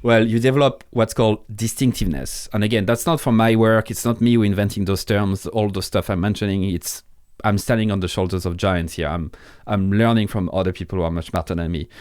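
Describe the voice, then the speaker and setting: A man's voice: on the low side, steady tone, a little fast, few pauses, darkish tone, clean tone, no echo, studio quality. A man with a French accent, a podcast guest in casual interview talk, blunt and swearing freely, often restarting his sentences. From France.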